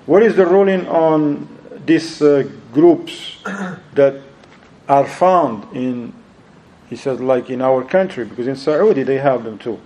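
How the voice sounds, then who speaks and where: A man giving an Islamic lecture and answering questions, animated, mixing Arabic phrases into his English. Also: mid-range voice, takes it slowly, slight background noise, low-quality recording. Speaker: Islamic preacher.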